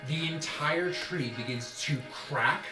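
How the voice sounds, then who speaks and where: A man's voice: a little high, takes it slowly. A man running a tabletop game as dungeon master, moving between dramatic scene narration and casual rulings. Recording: roomy recording with music.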